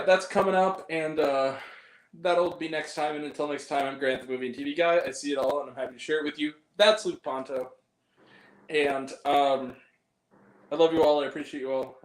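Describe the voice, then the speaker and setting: A man's voice: on the high side, steady tone, a little fast, reverberant, poor audio. A young man hosting a casual movie review chat, rambling, laughing often and cracking crude jokes.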